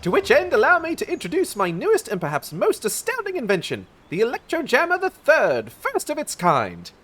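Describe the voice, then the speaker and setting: A man's voice: very high voice, wildly swooping pitch, a little fast, fairly bright tone, soft background music, full character voice. A man voicing a boastful male chief inventor who announces his creation in a grand, showy manner. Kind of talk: reading game dialogue aloud in voices.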